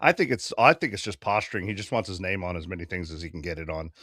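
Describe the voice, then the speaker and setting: A man's voice: deep voice, fast, fairly bright tone, slightly rough, no room sound, clean studio sound. A man co-hosting a casual podcast, speaking in a wry, sardonic way. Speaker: podcast co-host. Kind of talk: casual chat.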